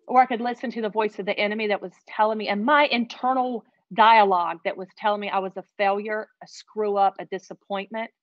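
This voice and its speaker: A woman telling a heartfelt personal story as an interview guest, earnest and animated. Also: medium pitch, brisk, few pauses, no echo, muffled recording.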